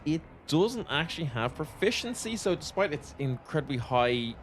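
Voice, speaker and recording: A man narrating as game master, relaxed and rambling with fillers. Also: a little high, moderate pace, slight background noise.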